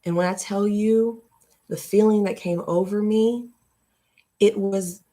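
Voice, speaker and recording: A woman in her late twenties hosting a live stream, giving a heartfelt motivational talk. She repeats her points emphatically, like a preacher, and turns soft and emotional. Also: medium pitch, fairly even intonation, measured pace. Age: late 20s. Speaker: livestream host.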